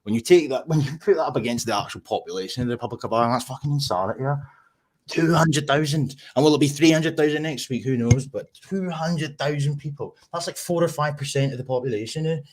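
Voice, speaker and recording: A Scottish man hosts a livestream from his room, his voice husky and a little breathy. He rants in an agitated way and swears constantly. His pitch sits in the middle range for a man. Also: fast. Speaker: livestream host. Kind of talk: casual live-stream chat. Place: home room.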